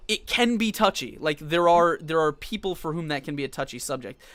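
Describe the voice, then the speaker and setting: A man hosting a live-streamed tabletop gaming talk, speaking in a halting way with many restarts. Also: a little high, animated, fairly bright tone, no room sound. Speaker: dungeon master show host. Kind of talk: live-streamed casual chat.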